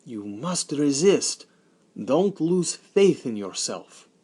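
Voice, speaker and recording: A man's voice: a little high, very animated, slow, warm tone, breathy edge, pitched above the performer's own voice, heavily acted. A man voicing a desperate father who calls out with urgent strain and then urges a friend not to give up. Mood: urging. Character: frantic father of a teenage son.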